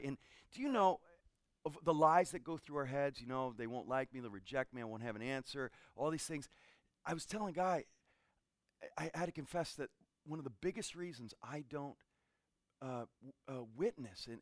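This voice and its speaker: A pastor with a high-sitting voice gives an interactive sermon, animatedly teaching a group, asking them questions, and sharing stories from his own life. The recording is studio quality with no echo.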